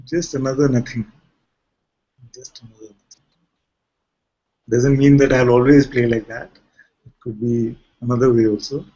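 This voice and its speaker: A man's voice: mid-range voice, fairly even intonation, normal speed, pauses often, mellow. A man who is a spiritual teacher, giving a conversational talk to a gathering and often asking rhetorical questions. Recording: muffled lo-fi recording.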